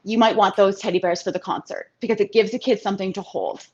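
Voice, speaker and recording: A woman in her thirties, a financial advisor appearing as an interview guest, tells a personal story in a heartfelt, chatty way, quoting others in lively voices. She speaks quickly in a mid-range voice. The recording is dull and lo-fi.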